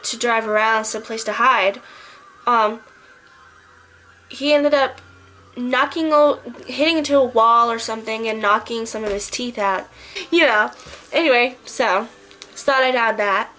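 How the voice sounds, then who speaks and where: A woman's voice: fairly high pitch, sharp tone, a little hiss or hum, low-quality recording. A woman vlogging a casual book and film review, chatting in a rambling way and often restarting her sentences.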